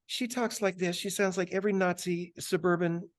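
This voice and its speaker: A woman's voice: lowish voice, fairly even intonation, normal speed, dry recording, clean studio sound, pitched above the performer's own voice, close to an everyday voice. A man putting on the voice of a prim, judgmental suburban housewife and mother. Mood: disapproving.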